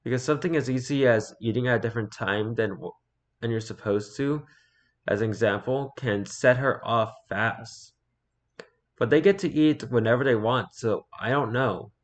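Guy reading stories off the internet, mid voice, trips over words and chats about them. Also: medium pitch. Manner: reads haltingly, stumbles and repeats words, then comments offhand. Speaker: streamer reading online stories. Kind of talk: casual read-aloud with commentary.

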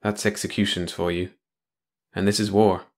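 A gruff, world-weary official who growls out his lines with tired irritation, as a man reading the story plays him. The voice sits a little above the reader's own low, plain tone, in the style of an audiobook character. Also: level tone, normal speed, natural voice.

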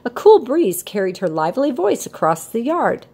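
An older woman reads a children's picture book aloud, her voice rising and falling with lively storytelling expression. There is a soft, slightly husky breathiness to her tone. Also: fairly high pitch, normal speed. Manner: warm, expressive storytelling cadence.

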